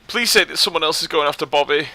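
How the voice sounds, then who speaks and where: A young man giving live commentary while playing a game, swinging from quiet muttering to excited yelps. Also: a little high, fast, no echo. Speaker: streamer.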